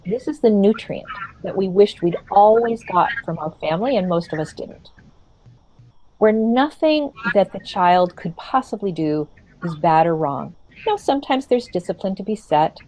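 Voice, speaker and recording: A woman, a therapeutic practitioner, telling a client's story in an earnest, reflective way with many pauses. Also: mid-range voice, expressive, warm tone, a little hiss or hum, low-quality recording. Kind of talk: storytelling in casual talk.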